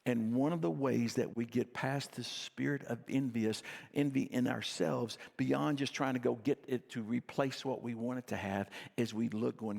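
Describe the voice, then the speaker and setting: A man's voice: mid-range voice, steady tone, moderate pace, creaky, few pauses, darkish tone, big-room sound. A middle-aged man preaching a sermon as pastor, telling stories in a conversational, self-deprecating way.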